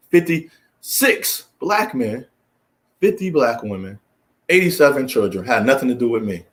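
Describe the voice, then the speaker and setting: An American commentary host, his voice a bit bright, delivers a preachy and emphatic solo monologue. He often climbs high in exasperation and repeats phrases.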